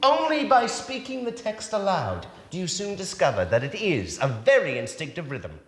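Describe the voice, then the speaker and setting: An actor on stage playing a flustered, grandiose playwright on trial who declaims in a grand, fretful way. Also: male voice, high-pitched, very animated, normal speed. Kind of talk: live stage acting. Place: theater stage. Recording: long theater reverb.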